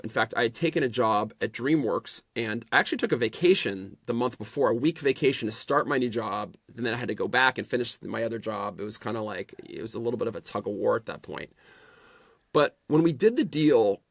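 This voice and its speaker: A middle-aged man, a podcast guest, telling animated anecdotes in casual conversation and often restarting his sentences. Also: medium pitch, dry recording, clean studio sound. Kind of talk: casual storytelling interview.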